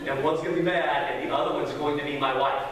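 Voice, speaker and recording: A man preaching, telling a family story with lively acted-out voices. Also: on the high side, quick pace. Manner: animated storyteller acting out voices. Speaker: pastor. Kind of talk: sermon storytelling. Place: church sanctuary. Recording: echoey hall from far off.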